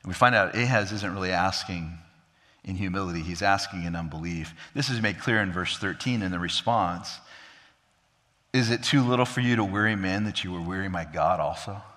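A man preaching an expository sermon, swinging from emphatic high peaks to low, quiet drops and acting out quoted dialogue. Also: brisk, big-room sound. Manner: acts out quoted dialogue of God and king. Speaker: pastor.

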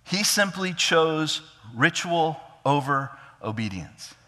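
A man preaching a sermon in an animated way, often stammering into restarts. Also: fairly high pitch, slow pace, long reverb tail. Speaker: pastor.

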